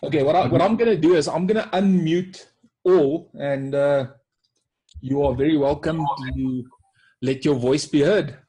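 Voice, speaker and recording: Calm South African webinar co-host, mellow and a little husky, reflective. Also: male voice, on the high side, a little slow. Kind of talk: casual webinar talk.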